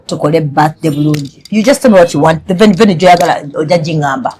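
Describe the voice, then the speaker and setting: Woman chatting, teasing and lively. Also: lowish voice, quick pace, hardly any pauses, breathy edge. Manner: mixes English and Luganda, teasing then apologetic. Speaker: host. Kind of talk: casual chat.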